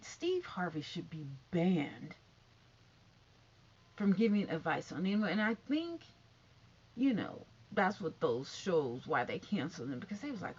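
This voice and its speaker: A woman's voice: lowish voice, sing-song, measured pace, a little mellow. A woman vlogger giving sassy casual commentary, calling listeners honey and baby. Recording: dull lo-fi recording with faint noise.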